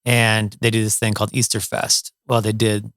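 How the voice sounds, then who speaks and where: A man's voice: fairly low pitch, little pitch movement, normal speed, a bit bright, dry recording, clean studio sound. A middle-aged man from Ohio, a musician, telling stories in a casual interview, with many fillers and restarts. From Toledo, Ohio, USA. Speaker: guest, musician.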